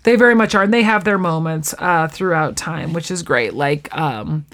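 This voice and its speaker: A woman's voice: deep voice, moderate pace. A young woman in casual chat, telling stories with a sarcastic edge and frequent "like" fillers. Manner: animated storyteller, sarcastic, many "like" fillers.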